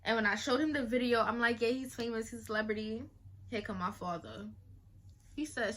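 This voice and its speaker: Young woman chatting a storytime vlog, bright higher voice, slangy and animated. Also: fast talker. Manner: animated, slangy, acts out quotes. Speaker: vlogger. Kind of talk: casual storytime.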